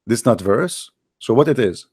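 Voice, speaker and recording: A man hosting a debate, pressing with rapid repeated questions. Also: mid-range voice, lively intonation, a little mellow, breathy edge. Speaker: debate host. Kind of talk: live call-in debate.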